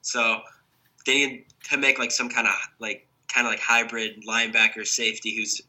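A man's voice: medium pitch, little pitch movement, normal speed, pushed and bright. A young man who is ill, co-hosting a casual sports podcast and rambling with lots of restarts. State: sick, may cough. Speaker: podcast co-host.

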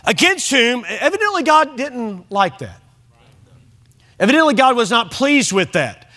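Bright, high-voiced man preaching a sermon. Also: sing-song, a little slow. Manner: preaching with frequent "okay" check-ins to the congregation; reads scripture aloud and explains it. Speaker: pastor. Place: church.

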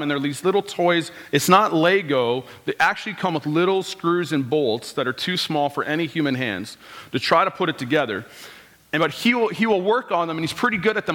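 A male pastor in his thirties delivers a casual, story-driven sermon, tossing out rhetorical questions and quoting his listeners in playful voices. His voice sits slightly high for a man. The church hall adds a long, ringing reverb. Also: pushed and bright. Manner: conversational preaching, rhetorical questions, quotes people in voices. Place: church sanctuary.

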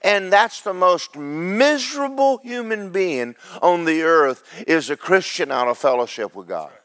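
A man, pastor of a church, preaching a sermon with big swings between loud, fervent highs and low, joking asides to the congregation. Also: animated, a little slow, dry recording. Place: church sanctuary.

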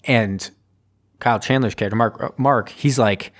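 A man with a mid-range voice and moderate pace recaps a film in casual conversation. He rambles loosely, using lots of fillers and correcting himself.

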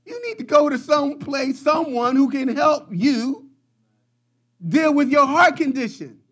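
High-voiced preacher man, hushed to shouting. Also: animated, unhurried. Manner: swings from low hushed passages to shouted high peaks; repeats phrases in rhythmic runs. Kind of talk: sermon.

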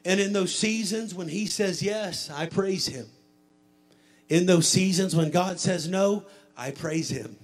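A male pastor preaching a sermon and leading an altar prayer, swelling into a chanted, shouted preaching cadence. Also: high-pitched, a little slow. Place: church sanctuary.

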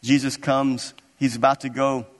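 A man pastor preaching a sermon in a church, animated and acting out scripture scenes. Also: mid-range voice, normal speed. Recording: long reverb of a large hall.

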